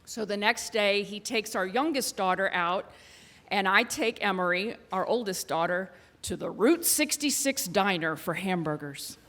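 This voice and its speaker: A woman in her thirties telling a personal story live on stage, animated and self-mocking, with punchy timing, into a handheld mic. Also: mid-range voice, unhurried.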